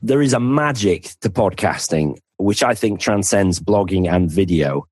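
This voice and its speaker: A man's voice: deep voice, lively intonation, measured pace, a little mellow, breathy edge, no echo. A man with a Northern English accent, a podcast guest chatting casually and laughing at himself. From North of England. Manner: chatty, self-deprecating, laughs easily. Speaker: podcast guest, financial planner. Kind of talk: casual interview chat.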